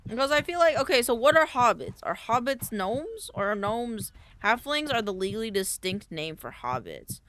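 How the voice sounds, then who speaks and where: Young female streamer, lively swooping voice, playful rambling gaming chat, faint background noise. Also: on the high side, moderate pace, few pauses. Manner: rambling, thinking aloud, playful.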